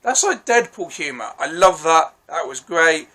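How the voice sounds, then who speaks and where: A man's voice: fairly high pitch, sing-song, unhurried, bright, forceful tone. A young man casually reviewing a TV episode on his own, enthusiastic and rambling, often correcting himself and apologising, with the odd swear. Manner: self-correcting, apologetic asides. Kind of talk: casual solo review vlog.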